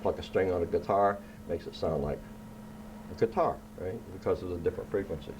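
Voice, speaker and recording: A man with a fairly low voice teaches children about science in a relaxed, playful tone. He keeps checking in with a quick "right?" as he explains. A faint hiss of background noise sits under him. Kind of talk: casual classroom explanation. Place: indoor room.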